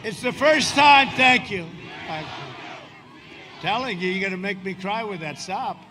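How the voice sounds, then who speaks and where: A man's voice: sits high, expressive, moderate pace, a crowd in the background. A man in his seventies giving a boastful, rambling campaign speech with sarcastic asides at a windy outdoor rally. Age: 70s. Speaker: politician addressing a rally.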